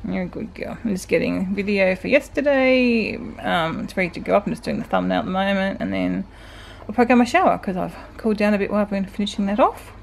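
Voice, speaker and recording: A woman's voice: medium pitch, quick pace, vocal fry, hardly any pauses, a little hiss or hum. An Australian woman in her forties, chatting casually in a home vlog, rambling and laughing as she talks to her dogs. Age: 40s. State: out of breath from exercising. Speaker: vlogger.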